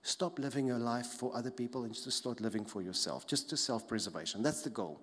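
A man preaching a sermon as a pastor, emphatic, repeating key phrases and dropping soft to stress them. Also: medium pitch, fairly quick, slightly rough. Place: church hall. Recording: long hall reverb.

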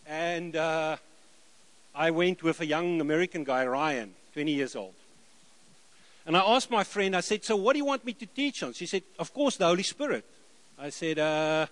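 A middle-aged South African man preaching, telling lively stories and acting out the dialogue. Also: on the high side. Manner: lively anecdotal, acts out dialogue, chuckles. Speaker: missionary preacher. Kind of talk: sermon storytelling.

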